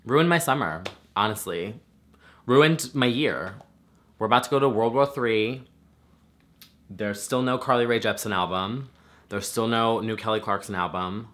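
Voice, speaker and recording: Bright-toned man ranting casually. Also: on the low side, a little slow, long pauses. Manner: chatty, swears freely, lots of fillers. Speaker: vlogger. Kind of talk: casual reaction rant.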